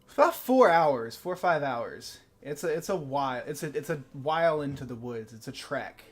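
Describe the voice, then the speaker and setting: A man narrating as game master of a tabletop game, talking in a halting way with many pauses. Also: on the high side, lively intonation. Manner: halting, full of fillers and restarts.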